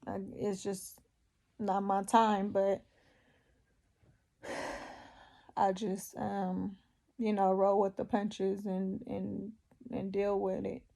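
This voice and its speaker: A woman giving a personal faith testimony, emotional and tearful, speaking haltingly with long pauses. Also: mid-range voice, completely flat delivery, gravelly, warm tone.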